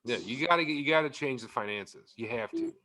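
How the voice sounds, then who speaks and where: A man co-hosting a casual podcast, easygoing, chiming in with short agreeing remarks. His voice is bright and forceful. His pitch sits in the middle of the range. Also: lively intonation, a little fast, low-quality recording. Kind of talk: casual chat.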